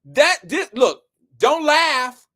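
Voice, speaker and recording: A live show host tells a profane comedic rant. The delivery is animated and swings between loud outbursts and low, quick mutters, with the audience addressed directly as "y'all.".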